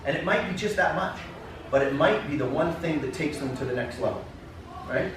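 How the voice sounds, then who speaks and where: A man's voice: fairly high pitch, a little fast. Man from Canada, keynote speaker, anecdotal talk, addresses the room, heavy echo, noisy. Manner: storytelling, acts out dialogue, addresses audience directly. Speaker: keynote speaker, soccer coach. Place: conference classroom. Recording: very echoey room, distant, noisy.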